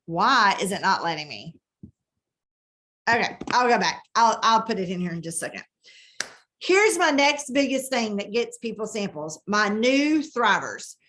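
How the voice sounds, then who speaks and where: A woman giving a chatty, animated live training talk on her phone, thinking aloud as she types. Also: medium pitch, measured pace, a little hiss or hum. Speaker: direct sales team leader.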